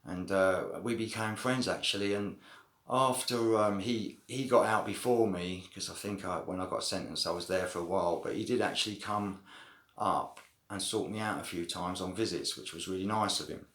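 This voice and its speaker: A man's voice: low-pitched, normal speed, a bit bright. A man telling a story to camera in a casual, rambling way, full of slang and swearing. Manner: rambling, slangy, swears, frequent "you know what I mean" fillers. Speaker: vlogger telling a prison story. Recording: roomy echo.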